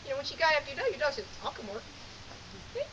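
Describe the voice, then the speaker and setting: A woman's voice: sits high, big pitch swings, racing, muffled recording, background noise. A woman teaching a sheepdog handling lesson outdoors in a field, talking in a folksy, direct way and giving short commands. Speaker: sheepdog training instructor. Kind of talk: hands-on coaching lesson.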